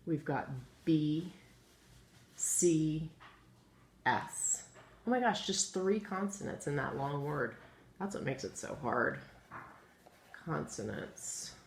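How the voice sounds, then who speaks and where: Woman teacher, low gravelly voice, patient and encouraging, phonics lesson, echoey room with faint hum. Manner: patient, encouraging, sounds words out slowly. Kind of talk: phonics lesson for young children. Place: classroom with chalkboard.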